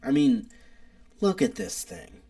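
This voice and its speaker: A man's voice: slow pace, mellow. A young man, hosting a casual live stream, opinionated and rambling as he reads chat aloud. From United States.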